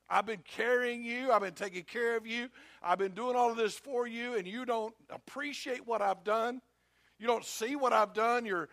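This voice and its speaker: A man's voice: fairly high pitch, a bit bright, no echo, pitched below the performer's own voice. A man voicing God as a hurt, fed-up father who speaks in pleading, repetitive, emphatic lines.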